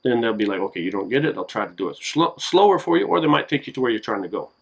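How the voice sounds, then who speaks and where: Gravelly man explaining phrases casually. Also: mid-range voice, highs cut off. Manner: relaxed, explains slowly with many fillers. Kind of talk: casual home video lesson.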